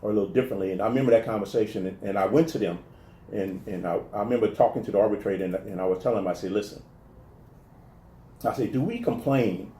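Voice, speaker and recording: A man from the telling stories in a casual interview, animated and restarting his sentences often. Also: fairly low pitch, fast, roomy sound. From American South. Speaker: guest talking about his life.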